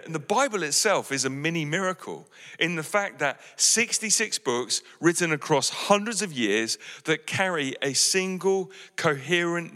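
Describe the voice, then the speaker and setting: Man preaching, pastor, earnest, pleading, bright forceful voice, slightly high, long hall reverb. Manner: earnest, pleading, many restarts and "you know". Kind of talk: sermon.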